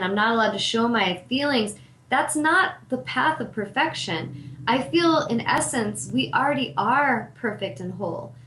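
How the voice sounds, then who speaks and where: A woman hosting a show as an intuitive healer, talking in an earnest, heartfelt and candid way about meditation and spirit. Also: on the high side. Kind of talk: spiritual talk monologue. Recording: echoey room.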